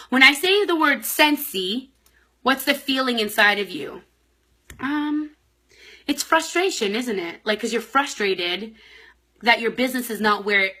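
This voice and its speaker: A woman's voice: a little high, sharp tone. A Canadian woman who talks in a bubbly, chatty way, giving casual motivational business advice in a vlog and acting out her conversations with others. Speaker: direct sales consultant giving business advice.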